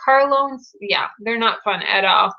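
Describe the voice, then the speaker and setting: A young woman hosting a casual live Q&A, chatting warmly and gushing with excitement over viewers' news. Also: on the high side, measured pace, gravelly, muffled recording. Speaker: live Q&A host. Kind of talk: casual live-stream chat.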